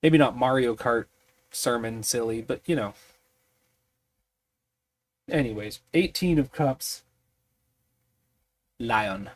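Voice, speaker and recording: A sleepy man muses aloud at an unhurried pace while he works through random tables for a tabletop mystery. He talks in a halting way, full of small fillers and restarts. His voice sits at a middling pitch. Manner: musing, halting, many fillers. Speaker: streamer designing a tabletop mystery.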